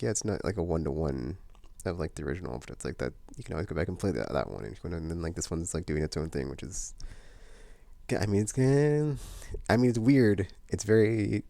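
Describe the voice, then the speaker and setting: A man talks through his plans in a loose, wandering way, piling up fillers and restarts. His voice sits extremely low with a gravelly edge, and the recording is dry. It sounds like easygoing monthly vlog chat. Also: a little mellow, no room sound. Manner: meandering, many fillers and restarts. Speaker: vlogger. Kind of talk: casual rambling chat.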